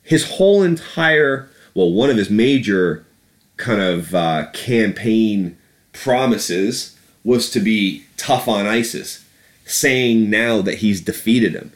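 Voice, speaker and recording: A man hosting a podcast, ranting about politics in a fast, heated and sarcastic way, swearing freely. His voice sits fairly low. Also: expressive. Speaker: podcast host. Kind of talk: casual political rant.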